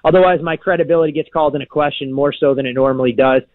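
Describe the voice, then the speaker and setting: A man calling in to give measured, analytical sports radio analysis. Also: a little high, fairly even intonation, no room sound. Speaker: phone-in sports betting analyst. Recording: tinny phone line.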